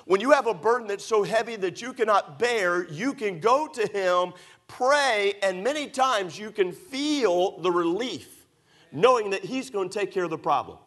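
Higher-voiced folksy preacher man. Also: lively intonation, moderate pace, fairly bright tone. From United States (Maryland). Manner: folksy storytelling preacher, rhetorical questions, emphatic. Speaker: pastor. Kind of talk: sermon. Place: church.

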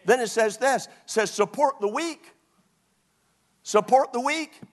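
A man preaching a sermon as a pastor, animated and mocking, often breaking into quoted put-on voices. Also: very high voice, measured pace.

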